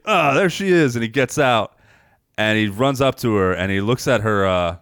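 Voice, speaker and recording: A man co-hosting a podcast, casually recapping a movie scene and acting out the characters' lines in a higher voice. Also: a bit bright, clean tone, no room sound, clean studio sound. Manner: rambling storyteller, acts out lines in a higher voice. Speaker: podcast co-host.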